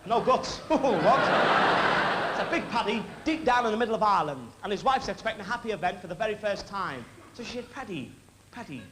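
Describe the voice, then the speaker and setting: A cheeky male comedian rattles off stand-up patter from a theatre stage with a fairly high voice. The sound is a noisy old 1960s television broadcast, hiss clearly audible beneath him. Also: expressive. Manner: cheeky, quick joke-telling. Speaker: variety show host and comedian. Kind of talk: stand-up patter before a live audience. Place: theatre stage with live audience.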